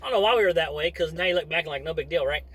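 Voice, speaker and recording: Talking fast in a husky, fairly bright voice on the high side, a middle-aged dad who vlogs delivers a loose, meandering monologue to camera, breaking off into tangents. The sound is poor.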